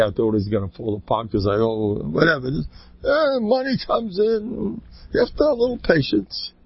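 A man giving an informal Torah talk, joking and swinging his pitch up and down, with Yiddish and Hebrew words mixed into his English. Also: breathy edge, no echo. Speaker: religious speaker. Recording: dull lo-fi dry recording.

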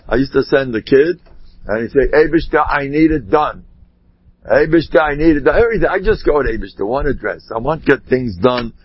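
A man giving an informal Torah talk, telling rambling stories with animated asides. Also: mid-range voice, breathy edge. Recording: dull lo-fi sound.

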